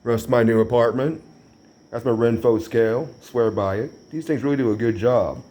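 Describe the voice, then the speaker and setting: A man's voice: mid-range voice, steady tone, moderate pace, warm tone. A man vlogging a casual tour of his new place, talking in a dry, sarcastic way. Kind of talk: casual home tour narration.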